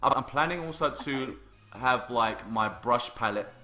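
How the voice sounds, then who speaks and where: A man hosting a casual art livestream, chatty and excitable, reading viewer messages aloud. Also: mid-range voice, measured pace, echoey room, faint music behind. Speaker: livestream host and artist.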